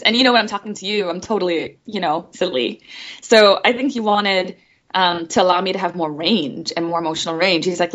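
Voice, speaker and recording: A woman who voices animated characters, chatting in a guest interview in a bubbly, giggly way and acting out the voices she quotes. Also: fairly low pitch, fairly quick, muffled recording. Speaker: guest voice actress. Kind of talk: casual interview chat.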